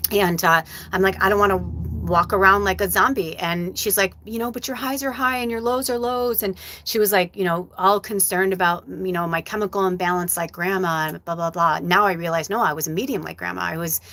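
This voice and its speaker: A woman's voice: lowish voice, a little fast, hardly any pauses. A woman hosting a live show as a psychic medium, talking frankly and with plenty of swearing as she tells a personal story. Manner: candid, profane, animated storytelling. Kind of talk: casual livestream talk.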